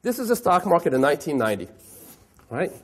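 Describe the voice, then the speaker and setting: A middle-aged man giving a lively keynote talk on the economy to an audience. He acts out clients' voices and asks the audience questions. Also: a little high, fast talker, husky.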